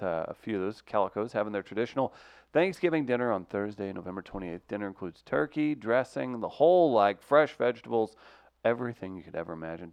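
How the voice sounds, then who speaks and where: A man co-hosting a casual comedy podcast, talking in a dry, deadpan way and reading sponsor spots. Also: lowish voice, gravelly, no echo. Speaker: podcast co-host.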